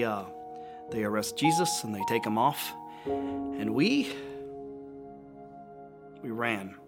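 An actor playing a remorseful, impulsive fisherman disciple in a dramatic monologue, halting and confessional, swelling into shouts. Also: medium pitch. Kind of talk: dramatic monologue over music. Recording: music playing underneath.

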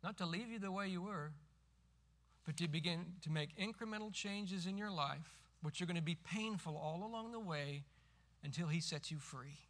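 Middle-aged pastor guy preaching, high bright voice, gets loud and emphatic. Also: normal speed. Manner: emphatic preaching, rising to forceful cries when quoting scripture. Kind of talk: sermon.

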